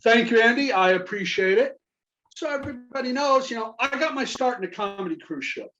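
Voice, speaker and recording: Southern guy in his 40s doing deadpan standup, kinda muffled lo-fi sound. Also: very high voice, brisk. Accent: Southern American. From Kentucky. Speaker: stand-up comedian, Navy veteran. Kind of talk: stand-up comedy set.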